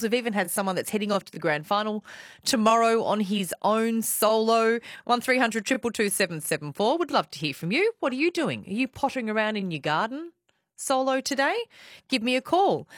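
A woman's voice: mid-range voice, fairly bright tone, dry recording, clean studio sound. An Australian woman hosting a radio show in a casual, bubbly way, reading out listener texts. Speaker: radio host. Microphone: studio microphone.

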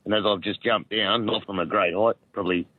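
Australian male caller, 50s, croaky from a cold, halting, dry tinny phone sound. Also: lowish voice, steady tone, dry recording. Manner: rambling, halting with many restarts. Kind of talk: radio call-in chat.

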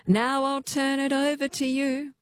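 A woman hosting a call-in radio quiz, friendly and quick to laugh, slowing down to read questions. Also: sits high, monotone, no room sound. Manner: friendly, laughs easily, reads questions slowly. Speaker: radio host.

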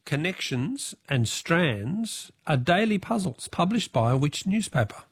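Reading out questions and announcing what listeners answered, an Australian man runs a talkback radio quiz with brisk friendliness. His voice sits a little high with big pitch swings and a slightly rough edge, in a dry recording.

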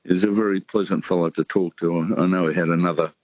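An older Australian man in his sixties calls in to a radio show. His voice is very deep and laid-back as he rambles with many pauses and ums, and the phone line sounds dull and muffled. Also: fairly even intonation, a little mellow, dry recording. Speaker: caller. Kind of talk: casual phone chat.

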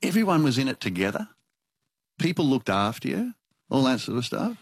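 An older Australian man, an actor, telling lively stories in an interview and acting out the voices he quotes. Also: mid-range voice, fairly quick, vocal fry, breathy edge, no room sound. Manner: animated storyteller, acts out quoted voices. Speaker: actor guest. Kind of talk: interview storytelling.

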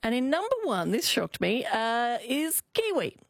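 A woman comedian, a guest on a radio show, speaks with a slightly high, very animated voice. She is bubbly and enthusiastic. The sound is close and dry. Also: measured pace, dry recording. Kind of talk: casual radio chat.

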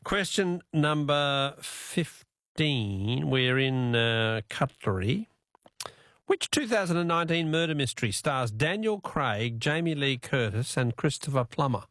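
A man's voice: mid-range voice, expressive, measured pace, a bit bright, no echo. A man with an Australian accent hosting a radio quiz, chatting casually with callers in a chuckling, self-deprecating way from a studio mic. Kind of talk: casual radio talkback chat. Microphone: studio microphone.

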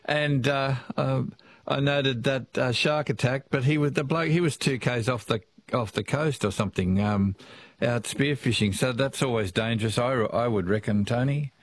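A man with an Australian accent hosting a casual radio talkback chat, easygoing and quick to laugh. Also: mid-range voice. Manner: chatty, easygoing, laughs often.

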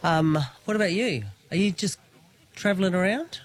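A man with an Australian accent chatting casually outdoors in a park, relaxed and a bit hesitant. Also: high-pitched, normal speed.

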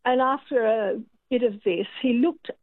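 A woman's voice: a little high, a little slow, dry recording. Woman telling a story over a tinny phone. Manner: hesitant, chatty storyteller. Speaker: caller. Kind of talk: telling an anecdote on a radio call-in. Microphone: telephone.

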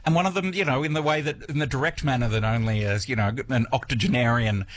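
A man's voice: medium pitch, quick pace. A man co-hosting a casual chat, joking dryly with lots of fillers. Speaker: radio co-host.

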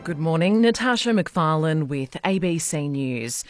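Woman newsreader, formal, even delivery, dry studio sound. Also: sits low, no echo, faint music behind. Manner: measured, formal. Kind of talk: news reading. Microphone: studio mic.

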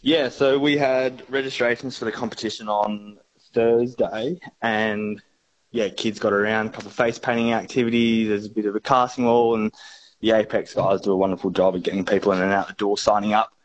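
Easygoing Australian man, a bit low. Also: little pitch movement, fairly quick, highs cut off. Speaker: fishing expert guest. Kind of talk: radio interview.

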